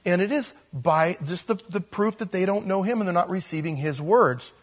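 A man's voice: sits high, moderate pace. A man preaching a verse-by-verse sermon as a pastor, emphatic and repeating phrases for stress.

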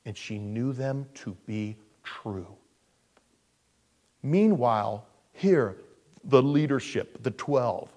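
A man preaching a sermon. He is animated, swings from loud emphasis to hushed asides, and acts out the people he quotes. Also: medium pitch, slow pace. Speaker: pastor.

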